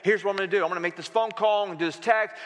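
A man with a high, bright voice preaches to his church in a loose, conversational way. He jokes and calls on the congregation to answer back. His voice rings with a long hall reverb. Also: fairly even intonation, rapid-fire. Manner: conversational, playful preaching with call-and-response. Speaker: pastor. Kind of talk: sermon. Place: church sanctuary.

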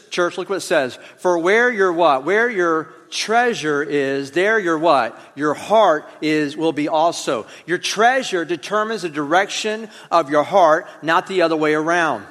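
A man's voice: high-pitched, sharp tone. A man preaching a sermon in a church, talking conversationally and drawing the congregation into call and response. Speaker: pastor. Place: church auditorium. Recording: long hall reverb.

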